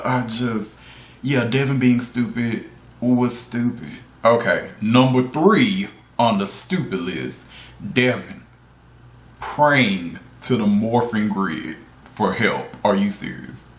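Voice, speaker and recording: Man, casual ranting commentary, exasperated, incredulous, cursing, repetitive, echoey room. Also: on the low side. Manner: exasperated, incredulous, repeats himself, swears, laughs often. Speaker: video reviewer. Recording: roomy echo.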